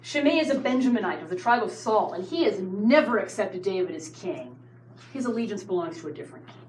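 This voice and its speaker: A woman teaching a Bible study class, telling the story with lively asides to her students, in a roomy space with faint noise. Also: mid-range voice, brisk.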